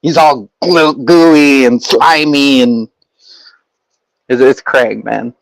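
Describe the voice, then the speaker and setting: A man's voice: mid-range voice, takes it slowly, vocal fry, no room sound, low-quality recording. A young man streaming and chatting casually with his viewers, rambling with lots of fillers and restarts.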